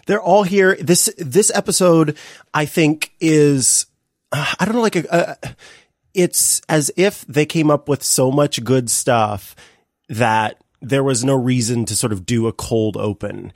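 A man's voice: mid-range voice, a little slow, no room sound, studio quality. A man co-hosting a podcast, chatting casually and animatedly, often restarting his sentences. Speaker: podcast co-host. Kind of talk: casual chat.

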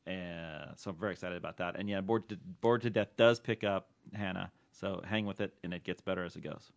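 A man's voice: deep voice, brisk, creaky. A man hosting a casual podcast, joking and laughing often with his co-hosts. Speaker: podcast host. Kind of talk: casual chat.

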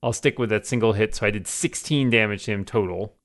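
A man's voice: fairly low pitch, quick pace. A man playing a tabletop game, chatty, thinking aloud about rules and dice rolls. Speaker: player.

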